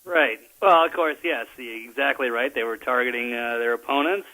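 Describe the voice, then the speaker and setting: Halting, agreeable male talk show guest. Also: medium pitch, pushed and bright, low-quality recording. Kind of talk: casual political talk.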